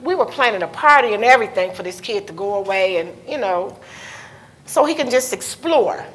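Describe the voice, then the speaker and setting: A woman's voice: mid-range voice, lively intonation, moderate pace, fairly bright tone. A woman speaking at a conference panel, telling a personal story as a mother, candid and nervous, close to tears at times. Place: conference hall with audience. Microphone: handheld microphone.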